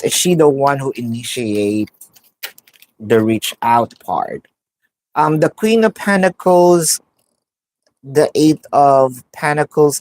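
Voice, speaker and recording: A woman's voice: sits low, a little mellow, rough recording. A woman doing a live tarot reading, musing aloud, naming the cards as she draws them and repeating phrases. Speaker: tarot card reader.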